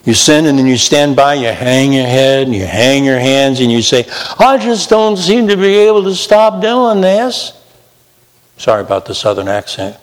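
A man's voice: mid-range voice, a bit bright. Man preaching in a reverberant hall. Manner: emphatic, rising into mocking imitations of sinners. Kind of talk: sermon.

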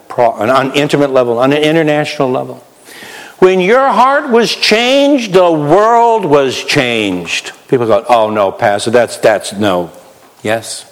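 Pastor guy preaching, acts out voices, goes loud then quiet, mid pitch, echoey church hall. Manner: animated, swings between loud and hushed, acts out voices. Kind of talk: sermon.

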